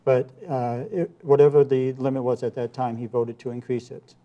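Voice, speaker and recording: A man's voice: medium pitch, flat delivery, normal speed, highs cut off. A man running for office, answering interview questions earnestly with campaign points and some restarts. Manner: earnest, repeats himself, campaign talking points. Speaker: congressional candidate, guest.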